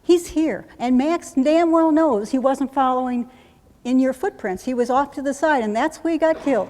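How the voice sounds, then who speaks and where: A woman's voice: sits high, moderate pace. Soothing woman trainer in a reverberant hall. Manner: soothing, repeats reassurances in a steady chant. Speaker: trauma therapy trainer. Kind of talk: instructional demonstration. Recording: long reverb.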